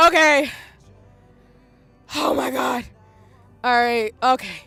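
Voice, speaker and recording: A woman's voice: high voice, slow pace, gravelly, pushed and bright, dry recording. A woman game streamer reacting live, gushing and exclaiming while crying, with faint game music behind her.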